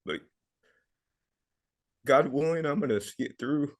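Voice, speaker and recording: A man's voice: on the high side, unhurried. A middle-aged man, a podcast guest, telling a personal story in an earnest, emotional way, often repeating words.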